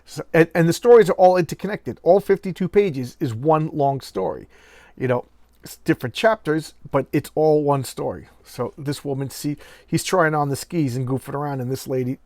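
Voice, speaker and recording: A man's voice: on the high side, normal speed, a little mellow, no echo. Chatty middle-aged man flipping through comics. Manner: chatty, acts out comic dialogue in bits, self-correcting. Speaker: comic book reviewer. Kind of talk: casual show-and-tell chat.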